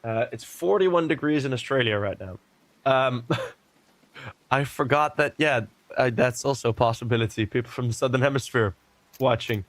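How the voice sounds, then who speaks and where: A man casting a competitive shooter match live, giving animated play-by-play commentary that drifts into chatty tangents. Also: medium pitch, moderate pace, no room sound. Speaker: esports caster. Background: faint game gunfire.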